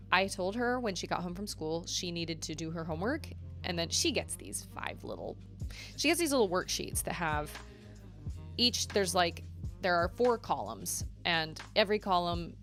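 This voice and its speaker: A woman's voice: fairly low pitch, a bit bright. A woman in her thirties chatting casually to her viewers at home, rambling and laughing often. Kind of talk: casual chat. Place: home bedroom.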